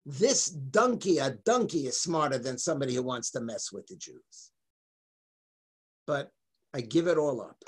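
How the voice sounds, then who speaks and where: A man's voice: medium pitch, animated, unhurried, slightly rough. A man, a rabbi, giving an impassioned and emphatic Torah lecture over a video call. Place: home, online lecture.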